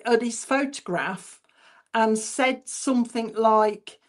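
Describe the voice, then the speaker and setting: A woman, a spiritualist medium giving clairvoyant messages at a church service in a chatty, informal way. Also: fairly high pitch. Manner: chatty and informal, relays messages by repeating them slowly.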